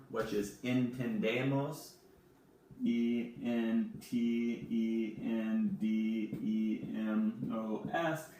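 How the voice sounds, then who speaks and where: A man's voice: medium pitch, mellow. Male teacher, patient explainer who spells things out letter by letter; very echoey room, mic at a distance. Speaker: Spanish teacher. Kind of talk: recorded classroom lesson.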